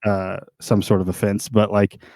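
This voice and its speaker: A man's voice: lowish voice, flat delivery, normal speed, darkish tone, no room sound, clean studio sound. A young man co-hosting a podcast, joking and rambling in casual chat, laughing often. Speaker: podcast co-host.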